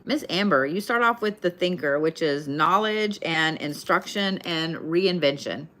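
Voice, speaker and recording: A woman's voice: low-pitched, expressive, measured pace, a bit bright, slight background noise. A woman giving a live tarot reading in a casual, chatty way, swearing freely. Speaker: tarot card reader.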